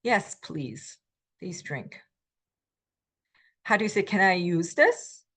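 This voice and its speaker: A middle-aged woman teaching a recorded language lecture, patiently explaining with frequent ums, alternating slow English with quick example phrases. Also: mid-range voice, very animated, a bit bright. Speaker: Korean language instructor.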